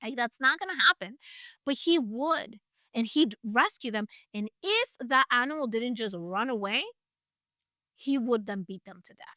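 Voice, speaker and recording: A woman's voice: fairly high pitch, lively intonation, moderate pace, pushed and bright, no echo, clean studio sound. A woman retelling a Bible story in a casual, chatty way, with playful asides and emphasis.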